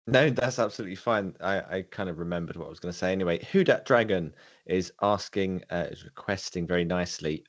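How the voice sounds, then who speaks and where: A man's voice: sits low, quick pace. A man from London with a London accent, co-hosting and reading viewer questions with a dry, self-deprecating manner. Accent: London English. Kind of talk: casual livestream chat.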